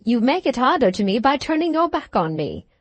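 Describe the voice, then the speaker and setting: A woman reading the part of an anxious, guilty middle-aged banker who pleads in a hurried, strained voice. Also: high-pitched, sing-song, no echo, voice pushed up. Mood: pleading.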